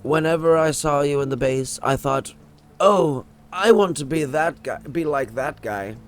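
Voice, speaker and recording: A man's voice: fairly high pitch, a little slow, close to an everyday voice. A man reading a friendly secret agent. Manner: reads dialogue aloud with small stumbles.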